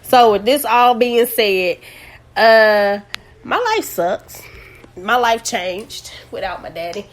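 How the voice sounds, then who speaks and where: A woman's voice: mid-range voice, takes it slowly, soft background music. A woman hosting a casual podcast who rambles and corrects herself, joking while holding back tears. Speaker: podcast host.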